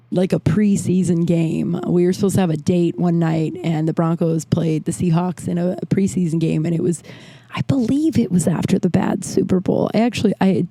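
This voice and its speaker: A woman in her thirties hosting her podcast, telling candid, animated stories with frequent tangents and casual swearing. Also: on the low side, no echo. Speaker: podcast host. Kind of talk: casual storytelling monologue. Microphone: desk microphone.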